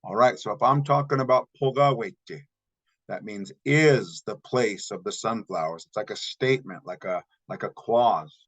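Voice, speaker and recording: A man's voice: on the low side, rough recording. Patient man teaching a language lesson. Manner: patient, slow repetition of example words; spells out grammar step by step.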